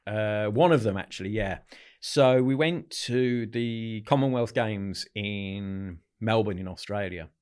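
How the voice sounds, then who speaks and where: Lower-voiced man telling lively stories. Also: a little slow, hardly any pauses, clean tone. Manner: animated anecdotes, quoting others in dialogue. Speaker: podcast guest. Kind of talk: storytelling in a casual interview.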